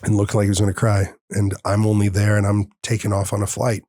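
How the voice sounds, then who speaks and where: A man's voice: lowish voice, monotone, quick pace, dark tone, no echo, clean studio sound. A man in his thirties, a podcast host, telling a personal story in an earnest, heartfelt way and acting out the dialogue. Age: 30s. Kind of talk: personal storytelling in casual conversation.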